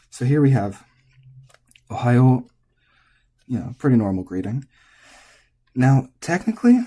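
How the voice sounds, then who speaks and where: An American man with a husky voice, giving a casual spoken lesson on Japanese pitch accent and thinking aloud with hesitant restarts. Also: warm tone.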